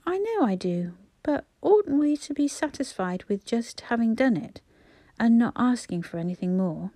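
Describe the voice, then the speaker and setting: A woman's voice: fairly high pitch, very animated, normal speed, mellow, dry recording. A woman voicing an earnest, proper young girl in a storybook. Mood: doubtful. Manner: careful, earnest.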